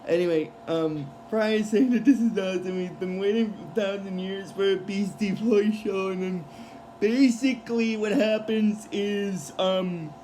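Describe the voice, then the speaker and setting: A man with a high voice recaps a cartoon episode in a loose, casual way. He rambles, restarts sentences and leans on fillers. A faint hiss sits under the recording. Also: darkish tone, low-quality recording. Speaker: show recap vlogger.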